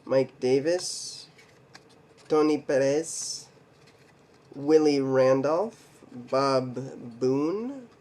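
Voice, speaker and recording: A man hosting a card collecting video, slowly reading names off cards, stumbling over some and making little jokes to himself. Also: fairly high pitch, darkish tone. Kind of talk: casual mail day card showcase.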